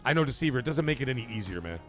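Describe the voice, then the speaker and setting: A man hosting a live gaming stream, telling a story in a swearing, animated way, getting loud and then dropping quiet. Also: medium pitch, very fast, faint music behind. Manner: animated, profane, swings loud and soft for effect.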